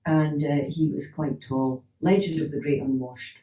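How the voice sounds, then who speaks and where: A middle-aged woman spins stories from her hypnotherapy practice, slipping into the voices of the people in them. Her tone is soft and mellow. She sits some distance from the mic in an echoey room. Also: deep voice, unhurried. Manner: lively anecdotes with acted-out dialogue and laughter. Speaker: clinical hypnotherapist. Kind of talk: storytelling in an interview.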